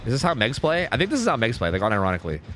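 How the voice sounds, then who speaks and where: A young man streaming a game, talking casually and swearing as he thinks out loud. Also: mid-range voice, rapid-fire, a little hiss or hum. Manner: animated, profane, thinks out loud. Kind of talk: casual live-stream gameplay commentary.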